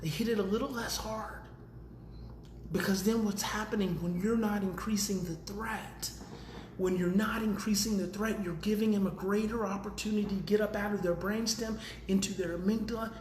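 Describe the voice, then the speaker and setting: A man teaches parents in a casual live stream, his fairly high voice dropping low and calm, then climbing loud and emphatic. The room has a noticeable echo. Faint background ambience sits under him. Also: a little hiss or hum. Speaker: parenting educator hosting a daily live video.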